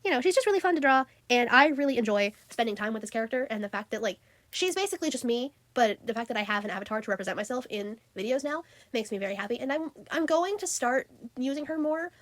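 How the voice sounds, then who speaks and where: A teenage girl who vlogs about art chats casually about her drawings, giggling and using lots of fillers. Her voice is on the high side, expressive and quick. There's no echo.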